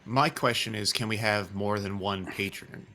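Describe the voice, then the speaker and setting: A man talks through his options as a player in a tabletop game. He sounds relaxed and chatty, and he leans on fillers as he thinks aloud. His voice sits a little low. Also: moderate pace. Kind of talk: casual table talk.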